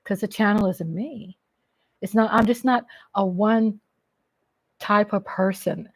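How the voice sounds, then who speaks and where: A woman's voice: medium pitch, a little slow, no echo. A middle-aged woman from Texas with a Texan accent, chatting casually with viewers on a live stream at home and greeting them by name.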